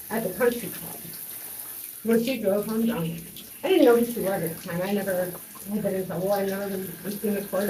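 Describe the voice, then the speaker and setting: A woman's voice: mid-range voice, darkish tone, distant mic, a little hiss or hum. A young woman telling a personal story in a rambling way, with many fillers and restarts. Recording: echoey room, voice off-mic, faint running water.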